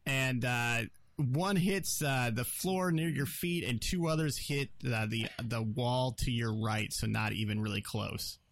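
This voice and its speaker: A man running a tabletop game as game master, narrating with many pauses and fillers. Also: medium pitch, a bit bright.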